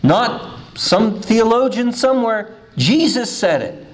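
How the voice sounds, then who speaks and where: A man, a pastor, preaching a sermon, swinging between quiet low stretches and emphatic high ones, often repeating his first words. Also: very animated, takes it slowly. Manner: repeats words when starting phrases.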